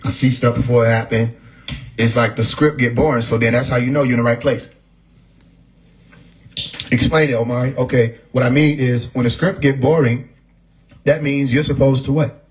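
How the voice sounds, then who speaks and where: A man's voice: medium pitch, steady tone, normal speed, long pauses, slight background noise, low-quality recording. A man talking casually on a livestream, laid-back and profane, often laughing as he talks. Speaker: livestream host. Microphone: phone mic.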